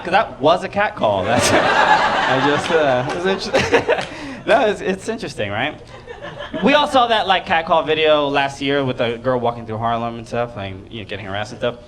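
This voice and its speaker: A man's voice: fairly high pitch, a bit bright, a little hiss or hum. A young man performing a stand-up set in a comedy club, chatty and laughing at his own jokes while acting out voices.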